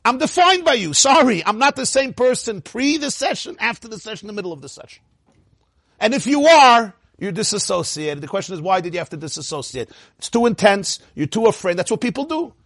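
Lecturing as a Torah teacher, this high-pitched man with a husky edge throws out rhetorical questions and laughs now and then. His delivery is sing-song and a little quick, the tone fairly bright, and the close, dry sound carries no room ambience.

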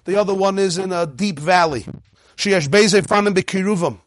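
A man teaching a lively Torah class, reading Hebrew passages and acting out dialogues in changing voices. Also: high voice, brisk. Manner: mixes Hebrew text readings with English explanation.

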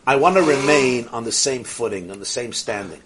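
A man teaching a Torah lecture as a rabbi. He mixes Yiddish and Hebrew terms into his English and swings from soft asides to rising exclamations. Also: medium pitch, a little fast, husky.

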